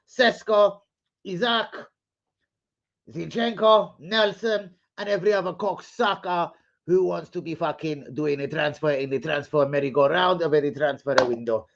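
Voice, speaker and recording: A man hosts a football live stream, ranting and rambling with heavy swearing and street slang. His voice runs fairly high, and the stream audio sounds dull and lo-fi. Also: gravelly. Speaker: football channel host. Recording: lo-fi livestream audio.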